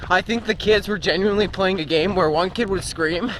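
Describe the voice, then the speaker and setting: A man's voice: high voice, brisk, fairly bright tone. A young man chatting casually into a handheld camera while out jogging on the road, with wind and passing traffic around him. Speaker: vlogger training for a marathon. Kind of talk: casual running vlog. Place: outdoors on roads while running. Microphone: handheld camera while running. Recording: faint outdoor noise with wind.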